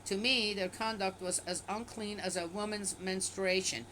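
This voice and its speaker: A woman's voice: medium pitch, fairly even intonation, moderate pace, pushed and bright, a little hiss or hum, rough recording. A woman reading a scripture passage aloud and stopping often to comment on it with skepticism, in a casual, offhand way. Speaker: bible reader and commentator.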